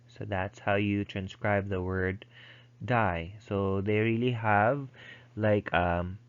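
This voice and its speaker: A man's voice: on the low side, steady tone, slow pace, clean tone. A man lecturing and explaining step by step, with frequent ums and restarts. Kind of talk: recorded lecture. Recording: dull lo-fi recording.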